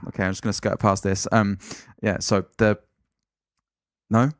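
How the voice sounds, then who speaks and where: A man co-hosting a podcast in casual chat, animated, laughing often and swearing freely. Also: on the low side, moderate pace, dry recording, studio quality. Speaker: podcast co-host. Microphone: podcast mic.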